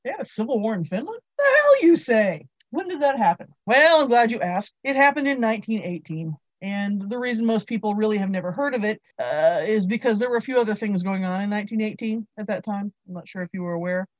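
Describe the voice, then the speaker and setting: A woman's voice: medium pitch, fast talker, hardly any pauses, no echo. A woman co-host telling a history story in a wry, sarcastic way. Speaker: podcast co-host. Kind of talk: casual political commentary. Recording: dry, slightly dull sound.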